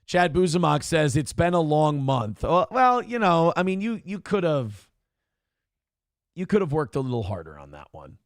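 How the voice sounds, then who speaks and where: Gravelly, animated male host with a dry, close sound, crude and joking, reading comments on a live stream. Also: a little high, normal speed, no echo.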